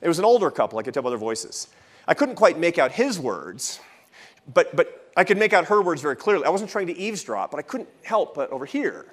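A man's voice: a little high, sing-song, a little fast. A man in his fifties giving a lecture at a festival, telling a personal story with jokey asides. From United States. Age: 50s.

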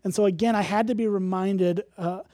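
Guy pastor preaching, chatty and self-deprecating, mellow voice, dry close sound. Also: sits high, steady tone, brisk, no room sound. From Illinois. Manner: candid and conversational, with self-deprecating humor. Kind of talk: sermon.

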